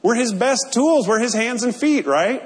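A man's voice: very high-pitched, expressive, normal speed. A male pastor preaching a sermon in an earnest, conversational way, often checking in with his listeners. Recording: long hall reverb.

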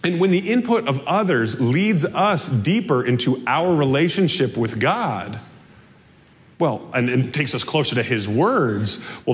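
A man preaching a sermon as pastor, in a conversational style with rhetorical asides to the congregation. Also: on the high side. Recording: long hall reverb.

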